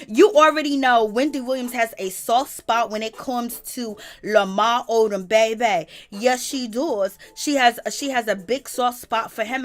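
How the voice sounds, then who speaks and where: A woman telling celebrity gossip in a casual, animated way. She exclaims often, swears, and laughs as she retells what others said. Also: a little high.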